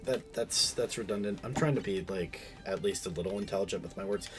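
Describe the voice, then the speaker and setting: A man with a fairly low voice chats casually while he streams a game. He rambles and keeps restarting his sentences, full of fillers and detours. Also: brisk, soft background music. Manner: rambling, self-interrupting, many fillers.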